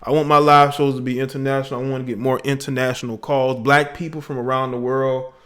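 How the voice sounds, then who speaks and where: A man's voice: mid-range voice, little pitch movement, fast, fairly bright tone. Slangy laid-back male livestream host. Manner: loose, slangy, chuckling. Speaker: livestream talk show host. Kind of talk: casual livestream chat, reading out viewer comments.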